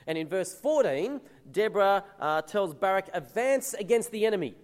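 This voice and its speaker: A man's voice: sits high, big-room sound. A man preaching a sermon, reading verses aloud and explaining them in an earnest, emphatic way.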